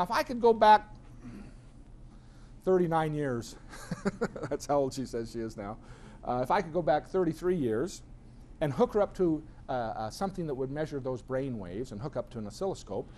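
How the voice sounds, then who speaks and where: A man's voice: a little high, slight background noise. A middle-aged man giving a personal-growth lecture to an audience, telling stories animatedly and acting out other people's voices. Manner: animated storyteller who acts out voices. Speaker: seminar speaker.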